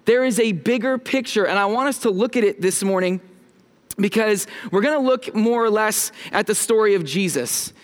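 A pastor in his thirties preaches from the front of a church sanctuary at a moderate pace. His voice is high for a man, and he stays casual and playful, joking with the congregation and inviting them to respond.

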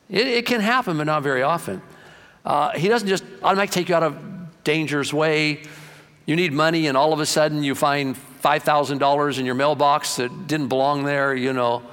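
A man's voice: on the high side, fairly bright tone. A male pastor giving a sermon in an emphatic, conversational way, often repeating himself, with long hall reverb.

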